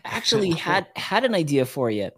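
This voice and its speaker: A man's voice: on the high side, sing-song, moderate pace, fairly bright tone, husky, no room sound, clean studio sound. A man co-hosting a casual podcast chat, upbeat, laughing often and reading out viewer comments. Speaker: podcast co-host.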